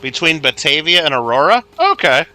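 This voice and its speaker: A man's voice: on the high side, sing-song, fairly quick, bright, forceful tone, slight background noise. A man from Illinois chatting casually while streaming a video game, playfully scolding his teammates. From Illinois, USA. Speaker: livestreamer. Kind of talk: casual gameplay chat.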